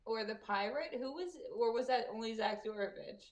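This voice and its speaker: A woman's voice: on the high side, lively intonation, normal speed. A woman co-hosting a casual podcast, teasing and swearing. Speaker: podcast co-host. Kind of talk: casual chat.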